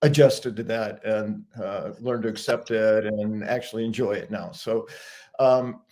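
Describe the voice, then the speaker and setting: A man's voice: lowish voice, measured pace, dark tone. Chatty older American man telling a story. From United States. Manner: chatty, self-deprecating, amused, many restarts. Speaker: regular guest. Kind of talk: casual storytelling.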